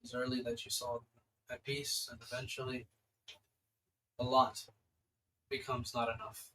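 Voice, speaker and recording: A man voicing a jaded male warlord who talks in a low-key, brooding way. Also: flat delivery, measured pace, sharp tone, distant mic, a little hiss or hum, poor audio.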